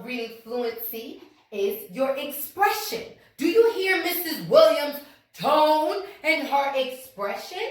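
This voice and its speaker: A woman teaching a first grade reading lesson in a slow, emphatic manner, often checking in with her pupils. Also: high voice, fairly bright tone. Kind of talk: recorded classroom lesson. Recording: echoey room, mic far off.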